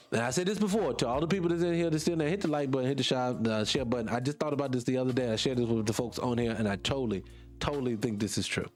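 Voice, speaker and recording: Mid-range and darkish in tone, this man's voice hosts a casual morning livestream. He's from a small town in North Carolina and rambles passionately, responding to chat and losing track of what he was saying.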